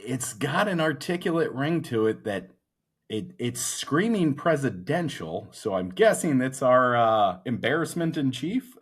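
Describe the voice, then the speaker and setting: Man, podcast co-host, husky voice, swinging pitch, sarcastic casual banter. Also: big pitch swings, measured pace. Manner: dry sarcastic jokes, frequent laughing. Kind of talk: casual comedic chat.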